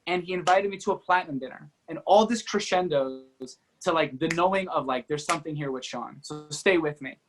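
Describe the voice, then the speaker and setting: With a slightly high voice, this man rattles through a personal story as a podcast guest, energetic and quick, leaning heavily on fillers such as "you know" and "like." It's lively, animated interview storytelling.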